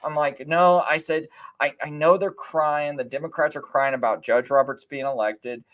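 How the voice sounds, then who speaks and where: A middle-aged man hosts a live stream, his voice fairly high, steady, a touch bright, and at a normal speed. He rambles casually, full of fillers and restarts, and often acts out what other people said.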